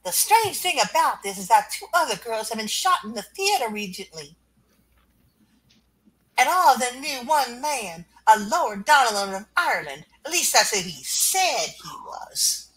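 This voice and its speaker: A flustered young girl detective, as a woman plays her speaks in a high, breathy voice that swoops and brightens. Her lines come out in an old-fashioned, melodramatic comic-book way. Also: very animated, normal speed, full character voice, rough recording. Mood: earnest. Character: flustered young woman, a plucky amateur sleuth. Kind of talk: reading a comic aloud with voices.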